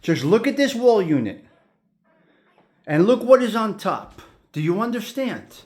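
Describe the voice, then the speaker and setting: A man hosting a tour walks through the rooms of an old house, admiring it aloud to viewers and repeating his words. His voice sits high with a sing-song lilt and a darkish tone, at a measured pace.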